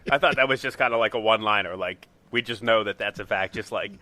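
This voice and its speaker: A man co-hosting a podcast, talking quickly and excitably with loud laughs. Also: lowish voice, very noisy. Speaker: podcast co-host. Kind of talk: casual chat.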